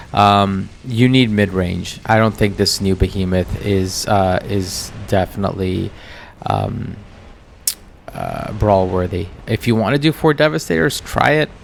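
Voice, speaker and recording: A man's voice: fairly low pitch, vocal fry, a little hiss or hum. An American man commenting casually over his own gameplay as channel host, chatty and distracted, full of ums and uhs. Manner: chatty, distracted, filler-heavy.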